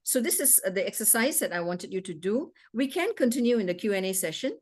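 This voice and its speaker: A woman's voice: mid-range voice, expressive, fast talker, a little mellow. A woman doctor giving an interactive talk with questions and answers over a video call, emphatic and fond of repeating rhetorical questions.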